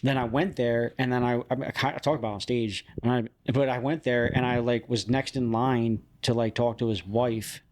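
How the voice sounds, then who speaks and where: A man's voice: mid-range voice, steady tone, normal speed, few pauses, a little mellow. A young man hosting a podcast, telling stories in a rambling, casual way with frequent laughs and restarts. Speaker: podcast host. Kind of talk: casual chat.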